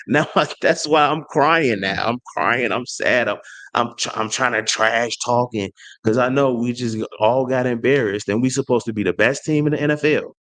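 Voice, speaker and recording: A man hosting his own sports channel, trash-talking a rival team in an animated rant full of slang and restarts. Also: medium pitch. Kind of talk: fan rant to camera.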